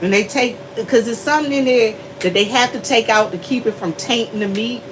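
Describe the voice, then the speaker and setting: A woman telling a story to her viewers in a casual, animated way. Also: a little fast, background noise. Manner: animated, laughing often, shifts into high squeals. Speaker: vlogger.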